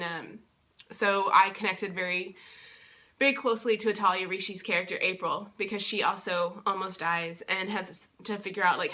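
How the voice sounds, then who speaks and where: This young vlogger and convention interpreter from Texas casually and enthusiastically rambles through a weekend recap, restarting often and using plenty of fillers. Her voice sits on the low side with a sharp tone.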